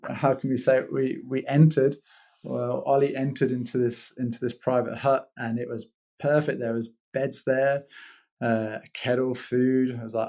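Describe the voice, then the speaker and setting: A man's voice: medium pitch, steady tone, moderate pace, warm tone. A British man telling a rambling story as a guest in a casual interview, laughing often and restarting his sentences. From Britain. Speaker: guest, paraglider.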